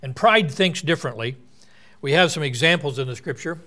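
A man's voice: fairly high pitch, a little fast, pushed and bright. A man preaching a sermon in an earnest, explanatory way, quoting and unpacking scripture.

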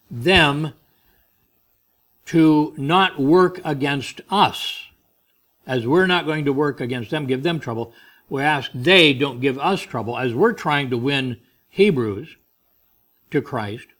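Slow, deliberate male Bible teacher. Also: mid-range voice, fairly bright tone. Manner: deliberate, explains Greek words, stresses key phrases. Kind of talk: verse-by-verse Bible study teaching.

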